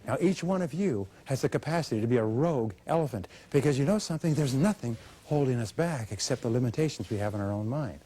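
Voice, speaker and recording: A man giving a motivational seminar talk to a live audience, animated and energetic, now and then acting out quoted voices. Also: medium pitch, fast, hardly any pauses. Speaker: motivational speaker.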